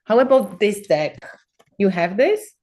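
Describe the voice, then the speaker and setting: A woman's voice: mid-range voice, lively intonation, measured pace, darkish tone. A woman chatting casually on a video call, teasing a friend, swearing freely and laughing often. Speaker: co-host.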